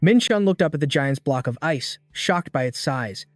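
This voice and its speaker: A man narrates a story recap in a steady, scripted read-aloud style. His voice sits a little high, and he barely changes it for the characters' lines. The sound is dry and close, with faint music underneath. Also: normal speed, dry recording.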